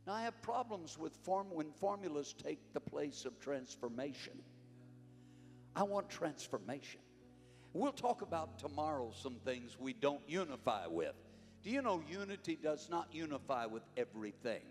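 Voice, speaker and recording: Older man preaching with lively pitch. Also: moderate pace. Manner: fervent, rising to shouts then dropping low. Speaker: conference preacher. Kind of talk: sermon. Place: church sanctuary. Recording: long hall reverb, faint music behind.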